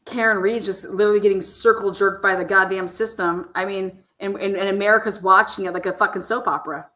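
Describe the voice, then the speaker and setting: A woman's voice: medium pitch, fairly even intonation, fast talker, bright, forceful tone, roomy sound, rough recording. A woman giving blunt, angry, profanity-heavy commentary on a livestream, swearing constantly as she rants.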